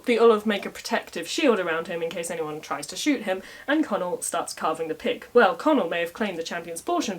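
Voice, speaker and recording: A woman casually retelling a medieval story with wry, irreverent asides in modern slang. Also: mid-range voice.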